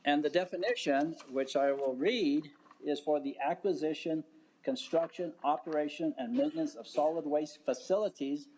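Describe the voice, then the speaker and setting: A county commissioner speaking at a public board meeting, halting and deliberate, with frequent fillers and restarts. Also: male voice, a little high, darkish tone.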